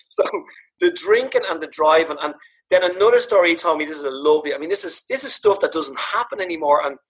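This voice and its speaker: Husky Dublin man telling stories. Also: a little high, quick pace, rough recording. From Ireland. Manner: animated, laughing, swearing. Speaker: podcast guest, author. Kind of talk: casual storytelling.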